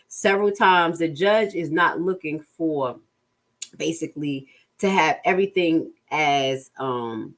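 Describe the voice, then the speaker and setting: A woman with a New Jersey accent reading a legal motion aloud and explaining it to her viewers, stumbling over words and stopping for asides. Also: fairly low pitch. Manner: halting reading with many fillers and restarts, asides to the audience. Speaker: legal commentary host.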